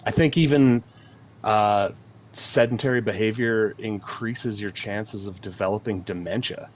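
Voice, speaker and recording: A male personal trainer on a podcast, speaking very slowly in a fairly low voice. He stays laid-back and fills his speech with "like" and "man". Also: fairly even intonation, slight background noise. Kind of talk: casual chat.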